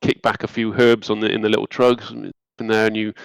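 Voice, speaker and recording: A man's voice: fairly low pitch, little pitch movement, fairly quick, vocal fry, no room sound, poor audio. Hesitant man as game master. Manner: rambling, hesitant, amused. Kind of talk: narrating a tabletop game.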